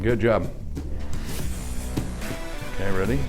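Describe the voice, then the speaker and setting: A man's voice: fairly low pitch, steady tone, loud music behind the voice. Man coaching a kids' self-defense class. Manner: upbeat coaching with quick praise and countdowns. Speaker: martial arts instructor. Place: martial arts studio.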